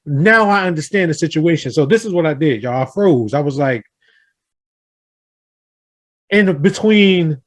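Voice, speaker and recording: A man's voice: fairly high pitch, a little slow, long pauses. A man hosting a round table talk, earnestly telling a family story and acting out the quotes. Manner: earnest, animated storyteller who acts out quotes. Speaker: host of a round table discussion. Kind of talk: casual storytelling in a group talk.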